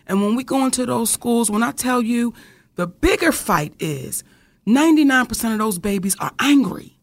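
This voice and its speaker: A woman's voice: fairly high pitch, expressive, moderate pace. A woman co-hosting a podcast who speaks with passion, driving her points home with rhetorical questions the way a preacher does. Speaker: podcast co-host. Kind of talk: casual discussion.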